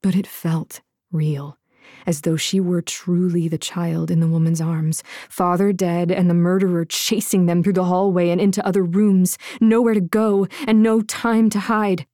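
A woman narrating a fantasy audiobook in a measured, dramatic reading. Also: lowish voice, little pitch movement, dark tone, no room sound, studio quality. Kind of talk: scripted narration.

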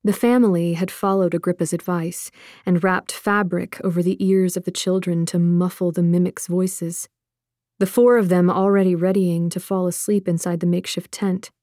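A woman narrating a fantasy audiobook in a measured, expressive way. Her voice sits a little low, recorded close and dry with no room sound. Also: no room sound.

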